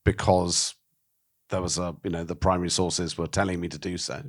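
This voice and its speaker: A man's voice: deep voice, little pitch movement, normal speed. A man being interviewed about his film, talking frankly and animatedly, with swearing and acted-out quotes. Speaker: documentary filmmaker, interviewee. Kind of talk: candid interview talk.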